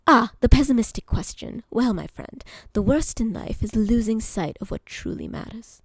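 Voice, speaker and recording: A woman putting on a genial British bartender bot, all upbeat cheer, in a put-on British accent that is on purpose not very good. The voice sits fairly high and is recorded dry and close, with no room sound. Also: expressive, normal speed, gravelly, breathy edge, no echo, full character voice. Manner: upbeat, genial, reading out steps. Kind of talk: reading a chatbot reply in character.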